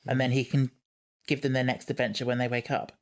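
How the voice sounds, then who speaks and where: A man co-hosting a casual podcast, easygoing and chatty. He reads out listener messages and chats with his co-host in an even, mid-height voice. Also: medium pitch, quick pace.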